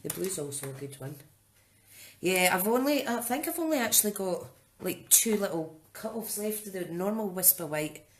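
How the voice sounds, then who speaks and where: A woman's voice: medium pitch, expressive, moderate pace. A woman chatting casually and thinking aloud while demonstrating a card-making project. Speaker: craft demonstrator. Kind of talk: casual live-streamed craft demo.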